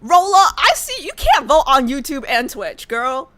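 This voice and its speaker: A woman livestreamer chatting excitedly with her chat and reading game text aloud in a casual, chatty way. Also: sits high, measured pace.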